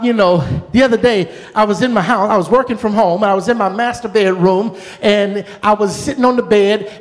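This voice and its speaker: A middle-aged man preaching a storytelling sermon with a folksy, repetitive cadence. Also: very high-pitched. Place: church sanctuary. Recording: long church hall reverb.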